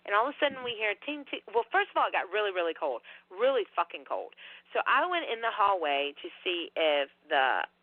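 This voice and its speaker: A woman, a podcast guest telling a ghost story in an animated, rambling, profane way. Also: medium pitch, a little fast, dry recording. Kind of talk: casual storytelling. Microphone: phone call. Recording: dry tinny phone line.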